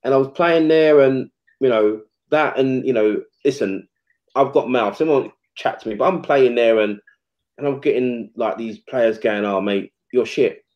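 A casual Englishman in his 40s, a retired footballer appearing as a guest, tells chatty anecdotes in a storytelling interview. He's animated and slangy, acting out quotes in a mid-range voice at a moderate pace. The podcast audio is slightly muffled and a bit dull.

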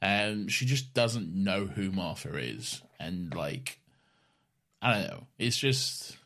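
A man co-hosting a podcast in casual chat, animated and quick to mimic characters. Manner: animated, mimics characters in high squeaky voices. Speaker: podcast co-host.

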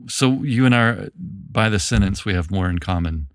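Deep-voiced laid-back podcast host from Memphis. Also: male voice, normal speed, clear, resonant tone, no room sound, studio quality. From Memphis, Tennessee, US. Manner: rambling, restarts, relaxed. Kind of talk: casual conversation.

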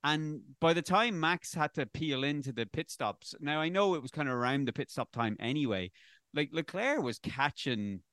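A man's voice: fairly high pitch, lively intonation, normal speed, a bit bright, clear, resonant tone, no echo, studio quality. A man in casual sports discussion, rambling and correcting himself as he argues his opinion.

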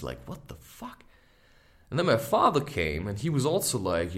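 A man's voice: on the low side, sing-song, moderate pace, fairly bright tone. A man in his thirties, hosting a podcast and telling a personal story in a reflective, candid way, full of asides like "you know" and "right". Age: 30s. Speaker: podcast host.

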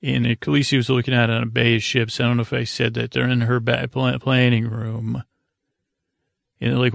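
Halting, flat-voiced man with gravelly fry. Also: medium pitch, no room sound. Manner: halting, many "uh"s and restarts, loosely quoting characters. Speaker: podcast host recapping a TV episode. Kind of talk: rambling casual recap.

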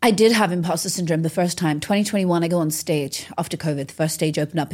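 A woman in her thirties from the UK, a motivational speaker telling her story in a podcast interview with emphatic, energetic delivery and frequent swearing. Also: low voice, a little fast, few pauses, husky.

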